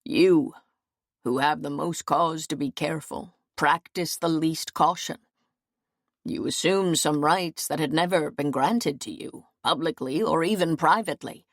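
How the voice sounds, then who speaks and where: A stern medieval lord lays down the law with cold, measured authority, as a woman reading an audiobook gives him voice. The voice sits low and close in a dry, dead room. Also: no room sound. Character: stern commanding medieval lord, adult man.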